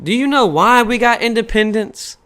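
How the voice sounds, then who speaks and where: Here a podcast host in his thirties goes off on a casual, expletive-laden tirade full of rhetorical questions. The voice is very high yet clear and resonant, and the delivery is animated at a moderate pace.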